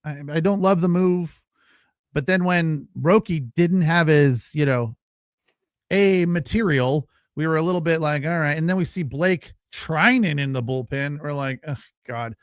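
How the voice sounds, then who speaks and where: Guy with a high voice doing a sports podcast, rambly and ranty, dry close sound. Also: unhurried, clear, resonant tone, no room sound. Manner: loose, ranting, with fillers and swearing. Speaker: podcast host. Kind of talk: casual sports podcast talk.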